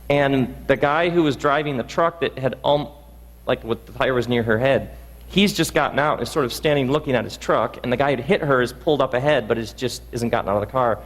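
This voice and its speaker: A man giving a reflective storytelling talk, earnest and halting, restarting his sentences often. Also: mid-range voice, big-room sound, poor audio. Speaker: speaker.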